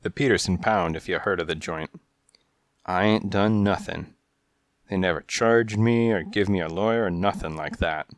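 A man voicing a menacing male gangster alley cat with a raspy voice and tough-guy street slang, in a storybook reading. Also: low-pitched, moderate pace, dry recording, clean studio sound, natural voice. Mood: gruff.

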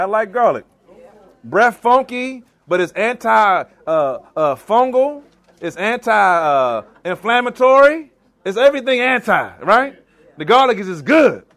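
A man with a fairly high voice and a Maryland accent runs a live cooking demo, bantering and quizzing the crowd as he works. His delivery is playful and lively, full of call and response. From Washington DC / Maryland area, US. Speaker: chef giving a cooking demo. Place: church hall, in front of a live audience.

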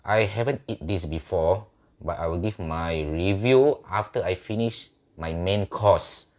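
A Singaporean man with a low, deep voice chats loosely to camera as a food-review host. He talks in a relaxed, easygoing manner, dropping local particles into his sentences, recorded on a dedicated mic at home. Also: measured pace. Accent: Singaporean English. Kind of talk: casual mukbang chat. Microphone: dedicated microphone.

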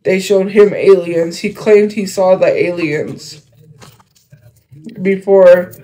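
High-voiced young man rambling on stream. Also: steady tone, slow pace, mellow, low-quality recording. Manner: rambling, filler-heavy, jumps between topics. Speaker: livestreamer. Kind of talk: casual livestream chat.

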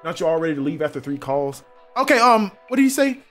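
This young streamer from South Carolina talks fast in a fairly high voice, with faint music playing behind him. He's animated and joking, tossing out casual commentary on a game while chatting with his viewers.

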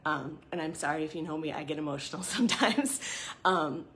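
Woman, 30s, slightly low voice, earnest, conversational, church devotional talk. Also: lively intonation, a little fast, fairly bright tone, a little hiss or hum. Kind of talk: devotional talk with scripture reading.

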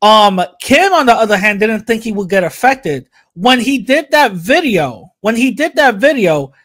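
A man's voice: sits high, sing-song, normal speed, fairly bright tone. A man on a casual podcast, telling a heated story with lots of profanity and acted-out quotes. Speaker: podcast co-host.

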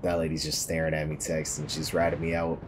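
Very deep-voiced man joking over gameplay. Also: monotone, brisk, background noise. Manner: joking, wry running commentary. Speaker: gameplay commentator. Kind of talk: casual game commentary.

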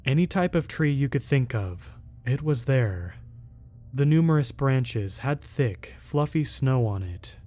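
A man narrating a first-person horror story in a steady, measured way, reading the characters' lines without big voice changes. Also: medium pitch.

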